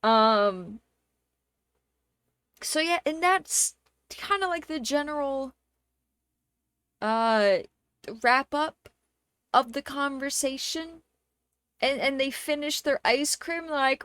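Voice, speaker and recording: A young woman streamer casually telling a story to her chat, exasperated and animated, with swearing and fillers. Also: sits high, slow pace, pauses often, dry recording. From Canada.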